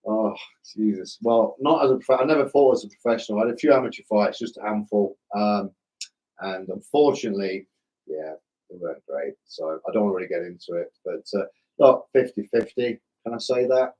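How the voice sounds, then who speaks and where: A middle-aged man with a slightly hoarse voice, hosting a live stream in a casual, self-deprecating way and chatting with viewers like old mates. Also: on the low side, animated, brisk, darkish tone, rough recording. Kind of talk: casual live chat reading viewer comments.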